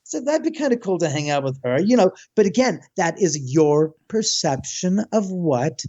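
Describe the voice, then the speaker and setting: Man, high voice, rambling animated storytelling, casual chat, dry muffled sound. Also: moderate pace, no room sound. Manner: animated, rambling, swears freely. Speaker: guest, house owner.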